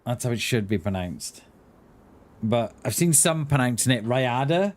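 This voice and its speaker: A man's voice: mid-range voice, lively intonation, unhurried. A middle-aged man chatting casually to viewers while streaming a game, calling them "mate" and often restarting his sentences. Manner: chatty, says "mate" a lot, many restarts. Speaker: livestream gamer. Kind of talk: casual livestream chat. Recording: faint background noise and clicks.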